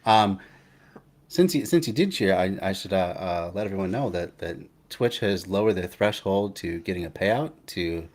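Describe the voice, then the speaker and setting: A young man with a low voice hosts a casual live stream, talking in a rambling, halting way full of fillers and restarts. He thanks viewers and chats with his co-host. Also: animated, darkish tone. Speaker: livestream host.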